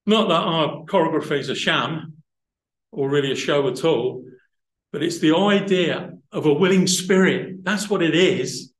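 A male preacher with a slightly high voice delivers a sermon in a reverberant church hall. He talks thoughtfully through word roots, then builds to emphatic, rising passages. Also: a little slow.

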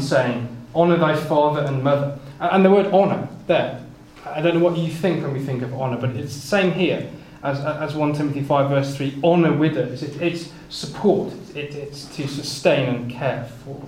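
A slightly mellow, high-leaning male voice preaches at normal speed with hardly any pauses, reading King James scripture and expounding it. He stumbles over repeated words along the way, recorded in an echoey room with faint ambient noise.

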